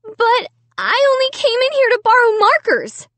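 A woman's voice: high voice, sing-song, a little slow, no echo, pitched above the performer's own voice. A woman doing a frantic wailing young girl. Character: frantic young girl protesting her innocence.

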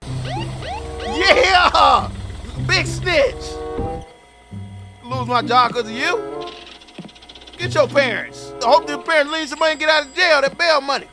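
A young man doing comedic game commentary, loudly roasting the characters in slang. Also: very high voice, brisk, over music. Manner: loud trash-talking, roasting characters in slang. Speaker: gaming streamer.

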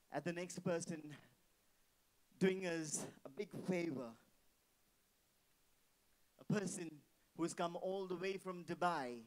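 Hosting a wedding reception live in an indoor hall, this MC works the crowd through a handheld mic, repeating himself and urging everyone to get loud. His voice is on the high side, and the audio quality is poor.

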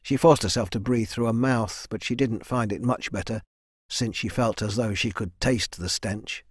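A man narrating a fantasy audiobook in an even, measured storytelling manner. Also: fairly low pitch, breathy edge, no room sound, studio quality. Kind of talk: scripted narration.

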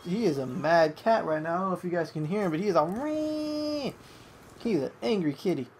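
Excitable young gamer swearing through commentary. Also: quick pace, a little hiss or hum. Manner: excitable, swears at opponents, coaxes a pet in a higher voice. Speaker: gamer doing live commentary. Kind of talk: live gameplay commentary.

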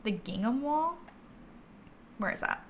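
A woman livestreaming a game, chatting casually and thinking aloud, with bursts of giggly excitement. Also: a little high, a little slow, slight background noise. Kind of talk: casual gameplay commentary.

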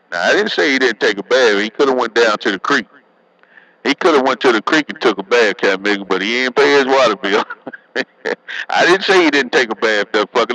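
A man's voice: mid-range voice, pushed and bright, dry recording, low-quality recording. A man bantering over CB radio, teasing and joking, tagging his lines with "man". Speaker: CB radio operator. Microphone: CB radio handset.

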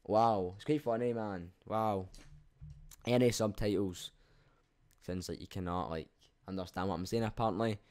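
A man's voice: fairly low pitch, steady tone, normal speed, pauses often, a little mellow. Young scottish guy reacting to comments on his channel, cheeky, swears a lot, laughs at himself. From Scotland. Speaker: YouTuber.

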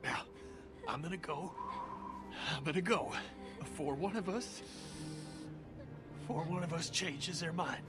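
A man's voice: a little high, measured pace, long pauses, natural voice. A man playing Kenny, choked-up protective survivor. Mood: tearful farewell. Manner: voice breaking with emotion. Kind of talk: video game voice acting. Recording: game audio under loud music.

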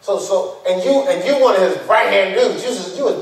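A man preaching a sermon as pastor, telling stories in a conversational, animated way full of slang, heard from far off in an echoey church. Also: high voice, brisk, hardly any pauses.

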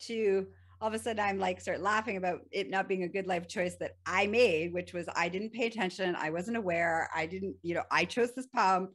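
A woman's voice: medium pitch, a bit bright. A woman hosting a podcast, telling an everyday story in a casual, chatty way with frequent laughter and fillers. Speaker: podcast host. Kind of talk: casual solo podcast talk.

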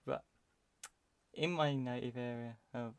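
This young UK man speaks slowly and steadily in a mid-range voice with a clean tone and no room sound. He's doing casual game commentary for a let's play, chatting to himself, rambling, and leaving sentences unfinished.

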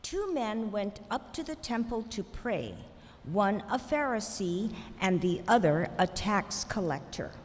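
Woman reading scripture with lively intonation. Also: mid-range voice. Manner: measured, expressive reading. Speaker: scripture reader. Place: church sanctuary. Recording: long church hall reverb with faint noise.

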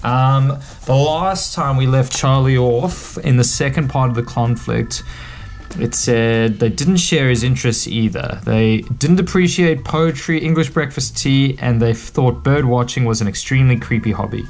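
A man from Western Australia, an author giving a relaxed, chatty writing lesson for kids. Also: mid-range voice, normal speed. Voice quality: relaxed, chatty explaining with fillers. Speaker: author-illustrator teaching kids. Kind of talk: picture book writing lesson.

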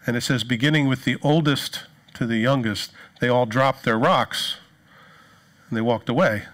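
A man gives a sermon as pastor, enlivening his stories by acting out the people he quotes. His pitch is medium and his pace moderate.

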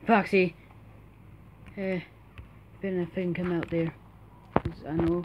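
A woman's voice: sits low, steady tone, a little slow, long pauses, lo-fi sound, slight background noise. A young adult woman commenting on a horror game as she plays, jittery and self-mocking, swearing often. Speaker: gamer.

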